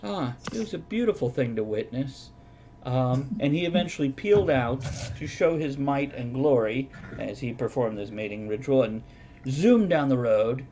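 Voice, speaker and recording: A man's voice: mid-range voice, lively intonation, normal speed, warm tone, a little hiss or hum. A man hosting a live-streamed chat show, telling stories with dry sarcasm. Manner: sarcastic, mock-documentary storytelling. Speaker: host.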